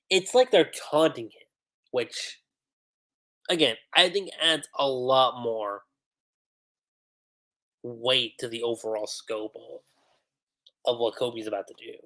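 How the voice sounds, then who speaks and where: A man hosting a livestream, reading manga dialogue aloud and commenting on how two translations differ, acting out the lines with lively emphasis. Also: mid-range voice, slow pace, pauses often. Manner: reads character lines aloud with animated emphasis.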